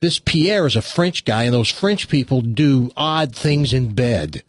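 A man voicing a blunt, stubborn, protective father in a spoken joke, earnest and halting, repeating his words. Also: mid-range voice, expressive, dry recording. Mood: stern.

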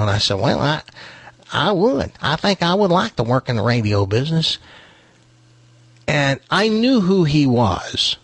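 Husky man telling a story on the radio. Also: a little high, normal speed, no room sound. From Tennessee. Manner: animated storyteller acting out quoted dialogue. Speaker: radio host. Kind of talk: storytelling on a radio talk show.

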